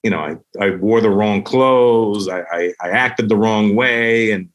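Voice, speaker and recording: A middle-aged man from Canada, a comedian guest on a podcast, telling stories in a lively way and acting out other people's voices. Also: lowish voice, unhurried, muffled recording. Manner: animated storyteller who acts out voices with lots of profanity. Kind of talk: casual podcast conversation.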